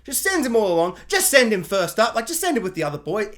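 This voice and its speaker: A man's voice: sits high, big pitch swings, fast talker, fairly bright tone. A man giving a sarcastic, rambling casual review rant, full of filler words. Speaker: show reviewer.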